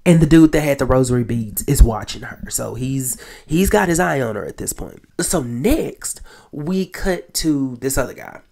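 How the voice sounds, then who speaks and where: A man hosting a casual podcast, recapping a TV episode in an animated storytelling way with quick whispered asides. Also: mid-range voice, vocal fry. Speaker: podcast host.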